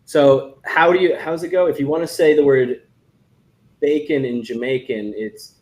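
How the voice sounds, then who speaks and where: A man's voice: on the high side, normal speed, darkish tone. Playful, teasing man on a group call. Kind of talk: casual group chat.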